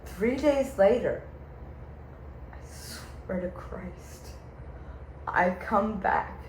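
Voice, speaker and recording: A woman rambles through a comic vent to her viewers, theatrical and loose with swear words and fillers like "okay." She talks at an unhurried, drawn-out pace. Her voice rings in an echoey room over a faint hum of ambience. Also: fairly low pitch, a little mellow. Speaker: vlogger venting to viewers. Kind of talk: comedic rambling monologue.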